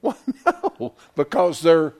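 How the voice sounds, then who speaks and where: A man preaching a sermon to a congregation in a folksy way, calling listeners honey and swinging between loud declarations and hushed asides. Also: a little high, wildly swooping pitch, slow. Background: congregation responses.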